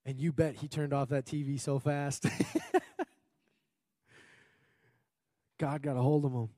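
A man's voice: mid-range voice, little pitch movement, slow, warm tone, no echo, studio quality. A man from Minnesota preaching an earnest sermon as pastor, repeating phrases for emphasis. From Minnesota, USA. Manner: earnest and emphatic, with frequent repetition and occasional laughter.

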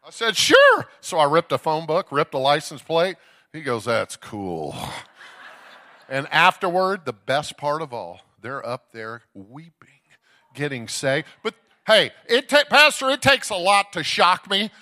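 A bright, forceful male evangelist from Texas works up a church crowd, shouting "come on, somebody" between stories. His voice sits a little high and swings from loud bursts down to hushed asides. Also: very animated, measured pace. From Dallas, Texas. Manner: exuberant, calls out to the crowd, storytelling. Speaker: guest evangelist preacher. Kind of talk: energetic Pentecostal sermon. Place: church sanctuary.

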